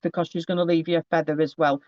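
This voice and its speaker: A man gives a psychic reading in a fairly high, chatty voice. He often trips and restarts mid-phrase as he relays messages. The recording is dry and slightly muffled. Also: level tone, quick pace, darkish tone, dry recording. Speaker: psychic medium. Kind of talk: live spirit reading to a sitter.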